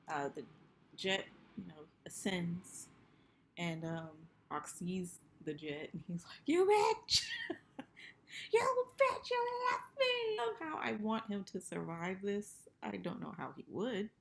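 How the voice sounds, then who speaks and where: A woman's voice: on the low side, vocal fry. A woman in her thirties chatting casually and profanely through a TV episode recap. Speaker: TV recap vlogger.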